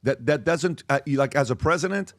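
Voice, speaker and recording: A man's voice: a little high, fast talker, dry recording, studio quality. A man hosting a podcast panel discussion, earnest and questioning, thinking aloud. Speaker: podcast host.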